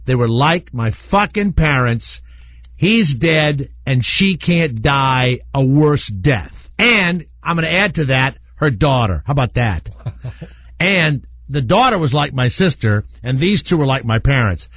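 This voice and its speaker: A man hosting a talk radio show, rambling through candid stories and laughing at his own dark jokes. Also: medium pitch, expressive, slow, slight background noise. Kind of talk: storytelling talk radio chat. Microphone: studio microphone.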